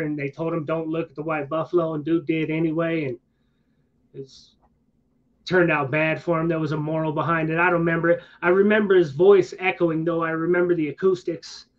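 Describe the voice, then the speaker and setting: A man with a high voice tells a loose, rambling story in easygoing chat, full of slangy asides and restarts. His voice comes through a dull, lo-fi recording. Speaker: streamer. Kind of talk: casual storytelling to a listener. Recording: dull lo-fi sound.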